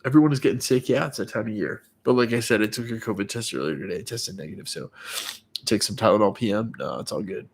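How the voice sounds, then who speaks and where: A stuffy, congested man with a lowish voice hosts a relaxed live chat. He reads out viewer names and answers questions casually, filling pauses with plenty of "uh" and "um.". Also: creaky, husky. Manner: chatty, greets viewers by name, many fillers. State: congested with a cold. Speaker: livestream host.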